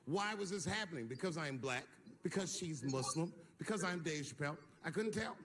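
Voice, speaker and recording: Male stand-up comedian, high-ish voice that jumps around a lot, live stage mic with audience noise. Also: a little fast. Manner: animated storytelling, acts out the people in his story. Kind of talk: stand-up routine.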